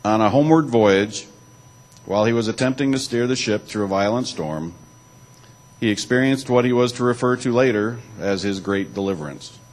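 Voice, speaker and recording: A man's voice: on the low side, normal speed, rough recording. A man giving a church talk, alternating between reading aloud and loose spoken asides, with occasional restarts. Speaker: church speaker.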